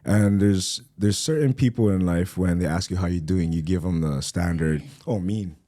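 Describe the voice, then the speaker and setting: A man with a deep, mellow voice hosts a relaxed podcast conversation. He talks loosely in slang and livens up when he acts out what other people say. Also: normal speed. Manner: laid-back, slangy, animated when quoting people. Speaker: podcast host. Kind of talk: casual interview chat.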